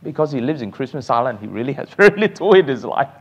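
A man teaching a church Sunday school class, animated and laughing often as he takes questions. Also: mid-range voice, quick pace, husky, dull audio.

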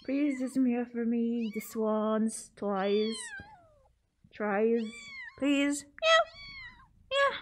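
A woman's voice: fairly high pitch, fairly even intonation, extremely slow, mellow, slight background noise. A young woman vlogging casually, playfully pleading with her cat and mimicking its meows. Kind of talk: casual vlog talking to her pet cat.

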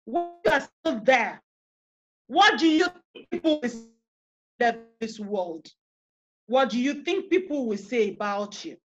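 High-voiced Nigerian woman coaching parents. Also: expressive, measured pace, long pauses, dull audio, soft background music. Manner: earnest, questioning, guides listeners through an imagined scene. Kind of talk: online workshop talk. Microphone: video call.

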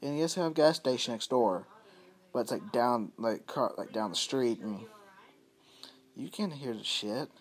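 A man talks into his phone camera at home and tells a story in a loose, unscripted way. He rambles, swears freely and circles back over the same points. His voice sits at an ordinary middle pitch. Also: lively intonation, moderate pace. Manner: rambling, profane, repetitive. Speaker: vlogger. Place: at home, indoors.

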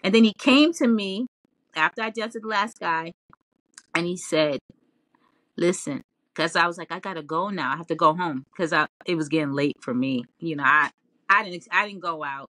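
Bright-voiced woman telling her story. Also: lowish voice, normal speed, dry recording. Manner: animated, laughing, filler-heavy. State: tearful, near crying. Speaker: interview guest, dancer. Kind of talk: casual storytelling interview.

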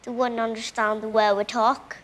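A man's voice: sits high, level tone, moderate pace, fairly bright tone. A young actor playing an earnest Northern Irish boy talking with his grandfather. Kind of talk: film drama.

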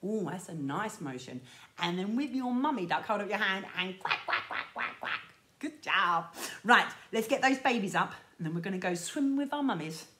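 A woman's voice: mid-range voice, expressive, normal speed, sharp tone. A woman leading a sing-along music lesson for small children, coaxing and sing-song as she talks and counts with them. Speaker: children's music class leader.

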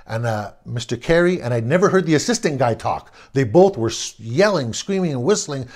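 A middle-aged man from Southern California tells an old neighborhood story off the cuff. His pitch swings up and down with the telling, and he doubles back on words and chuckles between phrases. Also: expressive, fairly quick, few pauses, a little mellow. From Southern California, USA. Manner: rambling, self-correcting, chuckles as he goes. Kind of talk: casual spoken anecdote.

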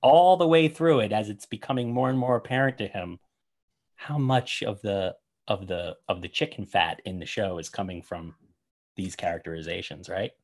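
A man's voice: fairly low pitch, normal speed, a little mellow. A man hosting a casual chat about magic videos, enthusiastic and rambling. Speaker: host.

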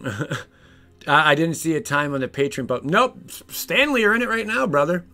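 Bright-voiced excitable male streamer. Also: fairly high pitch, moderate pace, faint music behind. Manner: excitable, jokey, talks to chat. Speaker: streamer playing a card game. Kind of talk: casual live stream commentary.

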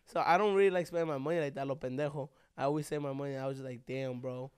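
A man's voice: medium pitch, steady tone, rapid-fire, clear, resonant tone, dry recording, studio quality. A young man co-hosting a podcast, telling a heartfelt story in a rambling, casual way full of "bro" and "like.". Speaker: podcast co-host.

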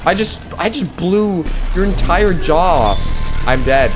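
A man giving excitable live gameplay commentary, yelping and laughing at the action as game music plays. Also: on the high side, normal speed.

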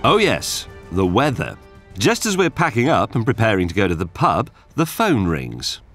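Lively wry male voice-over narrator. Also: on the low side, normal speed. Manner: wry and dramatic storytelling. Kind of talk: scripted narration. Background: clear music.

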